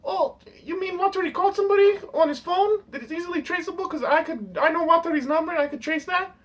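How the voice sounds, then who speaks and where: A man's voice: extremely high pitch, fast, fairly bright tone, recorded from a distance, pitched above the performer's own voice. A young man doing a mocking, exaggerated whiny voice of a panicking young male detective.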